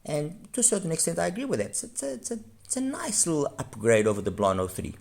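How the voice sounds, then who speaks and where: Talking fast in a slightly high, sing-song voice with vocal fry and a touch of mellowness, a man delivers an unscripted review of audio gear. He rambles frankly and keeps correcting himself mid-sentence.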